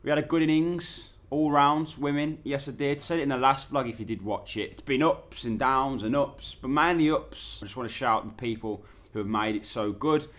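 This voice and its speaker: A man's voice: mid-range voice, normal speed, hardly any pauses, fairly bright tone. Sweary young man vlogging. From England. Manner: chatty, sweary, rambling. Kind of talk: casual travel vlog.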